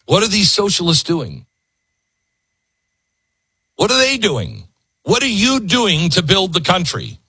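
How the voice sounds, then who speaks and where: A man's voice: sits high, wildly swooping pitch, slow pace, long pauses, bright, forceful tone, breathy edge, no room sound. A man hosting a political talk radio show, ranting sarcastically. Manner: sarcastic, ranting, mocking voices.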